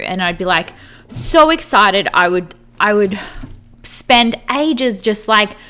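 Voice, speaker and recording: A woman's voice: mid-range voice, bright, forceful tone. A young woman hosting a casual solo podcast, upbeat and encouraging, talking in a chatty way with lots of "like" as filler. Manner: chatty, heavy use of "like" as filler. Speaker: podcast host.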